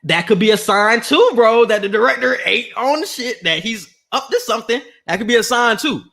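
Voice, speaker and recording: High-voiced man in slangy podcast chat. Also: brisk, creaky. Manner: slangy, animated, acts out quotes. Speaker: podcast co-host. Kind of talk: casual recap chat.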